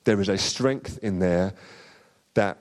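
A male preacher giving a sermon in a chatty, unscripted manner. His voice sits very low. The long reverb of a church hall follows every phrase. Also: slow, a little mellow. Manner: conversational, with frequent fillers and restarts.

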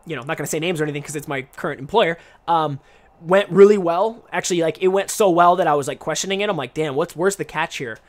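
A man's voice: on the high side, fast talker. A young man streamer and English teacher talking casually to camera, rambling and restarting his sentences with lots of fillers. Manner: rambling, self-interrupting, many fillers.

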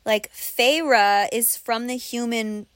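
A young woman co-hosting a casual book discussion podcast, animated and quick to laugh, acting out reactions as she talks. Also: on the high side, dry recording, clean studio sound. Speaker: podcast co-host.

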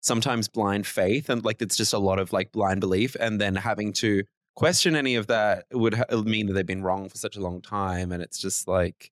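A man co-hosting a podcast in casual chat, talkative and quick to laugh. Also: fairly low pitch, fairly even intonation, no room sound, studio quality. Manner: chatty, laughs often. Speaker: podcast co-host.

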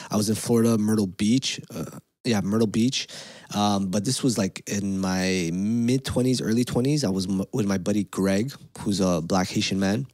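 Low-voiced man telling stories, dry sound. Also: dry recording. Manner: animated, swears a lot, acts out quotes. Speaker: podcast co-host. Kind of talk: casual storytelling chat.

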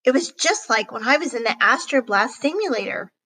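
A woman reading a children's chapter book aloud in a slow, clear storytelling way. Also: on the high side, animated, pushed and bright, low-quality recording. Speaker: audiobook reader.

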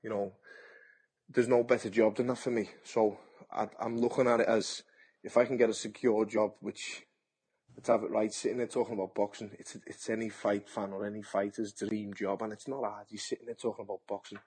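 A man's voice: on the low side, little pitch movement, brisk, darkish tone, slightly rough. A man, a boxer talking bluntly and chattily in an interview, often repeating his words. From England. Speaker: boxer and TV pundit. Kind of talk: casual interview.

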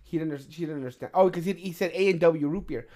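A middle-aged man hosting a podcast, telling stories in casual chat, swearing often and getting animated. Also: a little high, quick pace. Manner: profane, animated storyteller. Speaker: podcast host.

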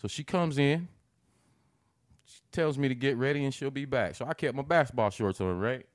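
A man telling a long funny story in casual chat, animated and profane, jumping into high-pitched quoted reactions. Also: moderate pace, no echo, studio quality.

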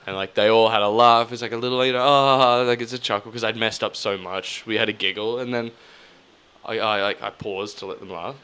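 Smooth and fairly quick, a man with a lowish voice co-hosts a podcast. His casual chat is full of rambling stories, curse words, and animated impressions.

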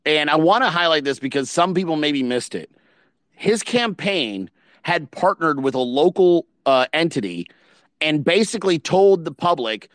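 A man's voice: a little high, very animated, unhurried, no echo. A man hosting a podcast in casual chat, blunt and profane, telling stories with rising emphasis. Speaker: podcast host.

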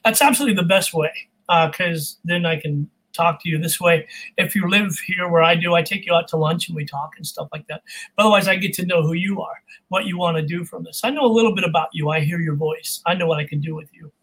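A man with a high, bright-pitched voice chats as a guest over a video call. He jokes and laughs easily, talking with animated energy. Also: fast talker, husky, rough recording. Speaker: guest voice coach. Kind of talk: casual video call chat.

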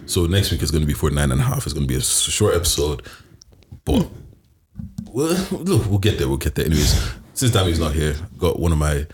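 A man hosting a podcast in casual chat, telling stories in an animated, slangy way with frequent swearing. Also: very deep voice, a little fast, slight background noise. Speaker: podcast host.

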